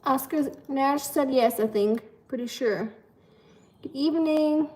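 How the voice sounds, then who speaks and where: Her voice sits high and mellow, with a measured pace. She's a German woman on a live stream, chatting casually, reading out viewers' comments, and saying "like" constantly.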